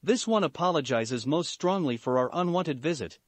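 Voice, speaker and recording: A polished, old-fashioned ape warrior with ceremonious manners, read by a man. The delivery is fairly high and animated, and the recording is dry. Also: moderate pace, no room sound. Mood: formal. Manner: polished, archaic formality. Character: cultured male giant ape, archaic formal.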